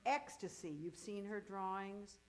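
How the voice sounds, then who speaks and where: A middle-aged woman leading a choir rehearsal. She counts beats, sings cues to demonstrate, and coaches the singers briskly with encouragement. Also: mid-range voice, low-quality recording. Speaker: choir director.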